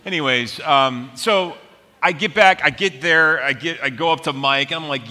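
A man preaching a sermon as pastor, telling stories in an animated, self-mocking way. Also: fairly high pitch, normal speed. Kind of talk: sermon with storytelling. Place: large church auditorium. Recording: long hall reverb.

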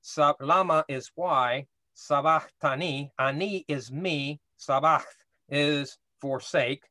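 Higher-voiced man teaching a Bible class. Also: slow pace, pushed and bright, no room sound. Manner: conversational, explains step by step, asks "right?".

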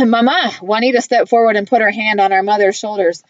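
A woman's voice: mid-range voice, fairly even intonation, no echo. Woman narrating a novel, dry and muffled. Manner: measured, earnest storytelling. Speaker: audiobook reader. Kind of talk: first-person novel narration.

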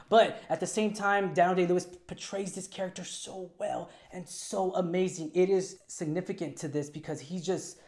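A man's voice: fairly high pitch, a little mellow. A young man hosting a casual solo movie review, talking in an upbeat, chatty way with lots of asides and little jokes.

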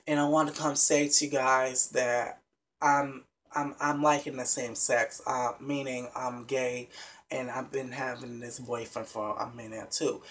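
A vlogger quoting a young man who confesses to his family in a halting, repetitive way. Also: medium pitch, little pitch movement, fairly bright tone, pitched below the performer's own voice, close to an everyday voice. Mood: confessing. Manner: halting, repeats himself.

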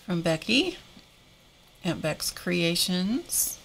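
Low, slow-talking woman hosting a craft stream. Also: sing-song, vocal fry, fairly bright tone, slight background noise. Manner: chatty, rambling, often restarts sentences. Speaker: craft livestream host. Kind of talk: casual chat with live viewers.

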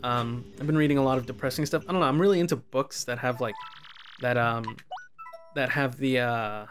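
A man's voice: mid-range voice, brisk, a bit bright. A man doing casual let's play commentary, reading game dialogue aloud with chatty asides, faint music behind. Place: his garage.

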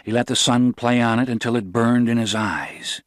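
A man narrating a novel as an audiobook, in a steady, even storytelling voice. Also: medium pitch, moderate pace, no room sound, clean studio sound.

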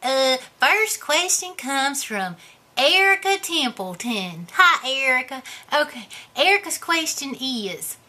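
A woman's voice: high-pitched, sing-song, takes it slowly, bright, forceful tone, exaggerated voice. A woman playing a goofy, boastful character in a comedy vlog, talking in a rambling, self-mocking way. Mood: playful. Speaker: vlogger answering viewer questions.

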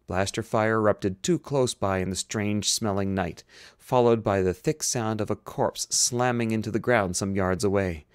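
Reading a science fiction novel aloud for an amateur audiobook, this man has a smooth voice on the low side and speaks at normal speed. When he trips over a line, he pauses and reads it again. The studio-quality recording has no echo.

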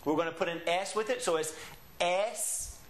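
Male language teacher, slightly high voice, patient and drawn-out, recorded in a roomy space. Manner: patient, drawn-out model pronunciations. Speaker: Spanish teacher. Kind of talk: classroom lesson. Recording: echoey room.

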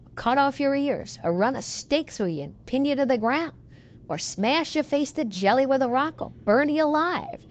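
A woman's voice: sits high, dull audio. A woman reading an audiobook, voicing a folksy male cowboy telling a tall tale in a drawling frontier dialect. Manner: drawling frontier dialect, leisurely yarn-spinning. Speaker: audiobook reader. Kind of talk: audiobook reading of a western yarn.

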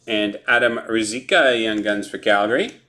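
A man hosting a live card break, briskly listing player names and teams and chuckling over hard names. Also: lowish voice, pushed and bright. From Canada. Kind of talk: live sports card break, calling out pulls. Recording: noisy room with card-pack crinkling.

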